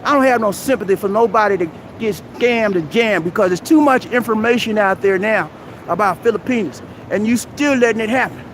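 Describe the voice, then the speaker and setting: A man's voice: high-pitched, fairly quick, slight background noise. A man hosting a live stream outdoors at a mall, giving preachy, exhorting advice and calling the listener "man". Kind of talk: motivational advice rant. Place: outdoors at a busy shopping mall.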